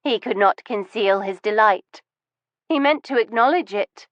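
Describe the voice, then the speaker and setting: In an audiobook reading, a woman voices a cold, bitter middle-aged wife holding a gun, speaking unhurriedly. Her icy, commanding tone turns wounded and shrill with resentment. The recording is dry with highs cut off, and her voice sounds natural.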